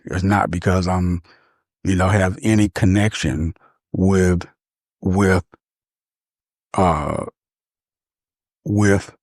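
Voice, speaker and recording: A very low-voiced man from talks through a reflective personal monologue. His husky voice moves at an unhurried pace, and he often pauses to find his words. The sound is close and dry. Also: no room sound. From Michigan, USA. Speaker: podcast speaker.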